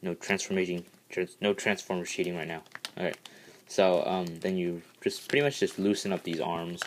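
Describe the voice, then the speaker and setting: A man with a very low voice explains, at normal speed, how to transform a custom toy. He's eager and rambling, restarting sentences over and over with "all right, so" and breaking into bursts of excitement. A faint hiss runs beneath the recording.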